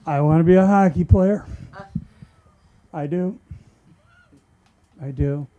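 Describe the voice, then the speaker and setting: A male stand-up comic at a comedy club open mic, delivering deadpan, self-deprecating jokes. He speaks slowly and deliberately, and his voice sits a little high. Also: muffled recording. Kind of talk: stand-up set.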